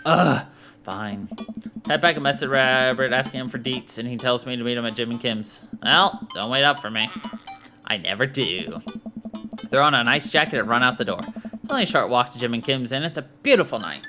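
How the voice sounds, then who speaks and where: A man's voice: mid-range voice, lively intonation, fast talker, over music. A man reading a dating-sim game aloud in first person as the dad, with playful, jokey asides. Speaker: gaming YouTuber.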